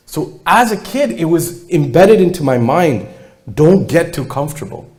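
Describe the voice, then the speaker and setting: A man's voice: on the high side, sing-song, moderate pace, darkish tone. A man, giving a keynote talk and telling his life story, acting out family dialogue as he goes. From Canada. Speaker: keynote speaker.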